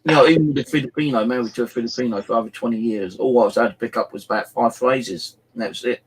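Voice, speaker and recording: A middle-aged man with an English accent, host of the show, chatting casually and telling animated anecdotes full of "you know" fillers. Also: mid-range voice, very fast, breathy edge, low-quality recording. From England. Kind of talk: casual storytelling chat.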